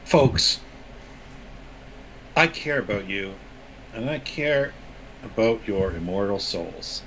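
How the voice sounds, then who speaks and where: A man voicing a folksy vampire preacher who pleads softly and earnestly in a tabletop role-play character intro. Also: fairly low pitch, expressive, slight background noise, exaggerated voice, poor audio. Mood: coaxing. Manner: soft, drawn-out preachy pleading.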